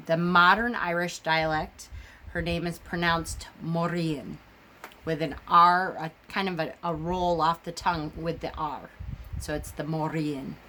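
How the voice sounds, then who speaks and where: A woman's voice: fairly low pitch, pushed and bright. A woman hosting a witchcraft channel, talking casually to her viewers and wandering through her thoughts with many ums and restarts. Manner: rambling, full of ums and restarts. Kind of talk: casual vlog talk.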